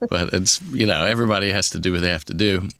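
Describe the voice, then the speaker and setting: A man who works as a voice actor, chatting in an interview in a rambling, easygoing way with quick asides. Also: low-pitched, a bit bright, no room sound. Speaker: voice actor guest. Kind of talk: conversational interview.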